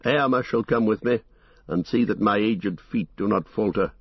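A man's voice: fairly low pitch, normal speed, husky, no room sound, dull audio. A man voicing an aged, proud king in an audiobook, speaking solemnly. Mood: resolute.

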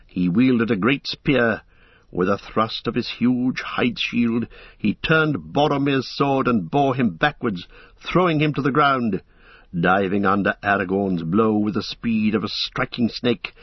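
Male narrator for an audiobook, husky voice, dry and dull lo-fi recording. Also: mid-range voice, no echo. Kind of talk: audiobook reading.

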